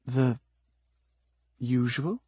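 A man voicing an eager, blunt alien woman who is easily offended, in a hushed, breathy, matter-of-fact way, with a husky edge and a dry, close sound. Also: medium pitch, very slow, dry recording, heavily acted.

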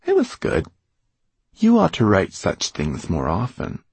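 A man's voice: lowish voice, expressive, moderate pace, creaky, darkish tone, husky, dry recording, pitched above the performer's own voice, exaggerated voice. A man voicing a haughty, bored male court illuminator who speaks with a slight lisp and a disdainful drawl.

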